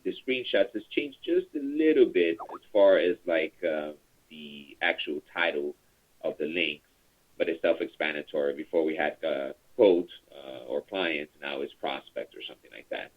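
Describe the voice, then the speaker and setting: A man leading a call center training over a conference call, chatty and rambling with many fillers. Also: extremely low pitch. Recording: tinny phone line.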